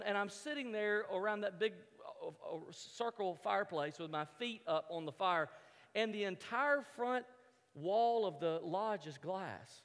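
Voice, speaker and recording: High-voiced man telling a funny story in a hall. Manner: animated, repeats words as he restarts, acts out his own thoughts. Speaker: speaker telling a story to an audience. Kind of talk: humorous personal story told from a stage.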